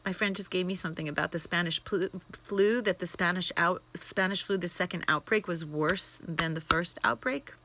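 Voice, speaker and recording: A young woman talks into her camera at home in a loose, rambling vlog style. Her voice is bright and a little low-pitched, with plenty of excitable restarts and asides. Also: normal speed, hardly any pauses, a little hiss or hum. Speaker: vlogger. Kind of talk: casual daily vlog. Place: her apartment in Tel Aviv.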